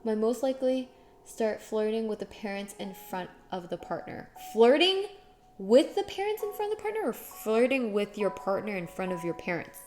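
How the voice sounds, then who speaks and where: A woman streamer in casual chat, reading chat aloud and acting out little voices with a giggly, animated manner. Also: mid-range voice, normal speed, soft background music.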